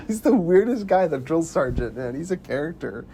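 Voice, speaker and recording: A young man co-hosting a casual movie chat podcast, animated and laughing often, full of fillers. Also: on the high side, normal speed, slight background noise. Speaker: podcast co-host.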